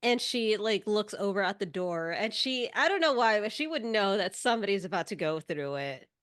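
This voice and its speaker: A woman's voice: medium pitch, animated, normal speed, a bit bright, dry recording. Woman player in a tabletop game, chill and chatty, dry close sound. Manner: casual, describes her character's actions.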